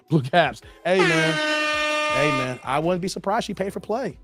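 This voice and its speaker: A man's voice: on the high side, big pitch swings, unhurried, soft background music. Chatty male livestream commentary host. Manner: chatty, reads chat aloud, repeats phrases. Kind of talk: livestream commentary reacting to clips.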